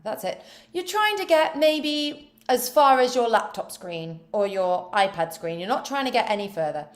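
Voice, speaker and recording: High, lively woman coaching a choir. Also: moderate pace. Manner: playful, self-mocking asides. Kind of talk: online vocal warm-up instruction.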